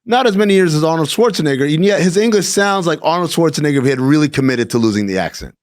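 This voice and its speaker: Male sports co-host, lively and joking, voice swoops up and down, slightly high. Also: rapid-fire. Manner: animated, joking, swings his voice high and low. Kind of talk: comedic sports chat.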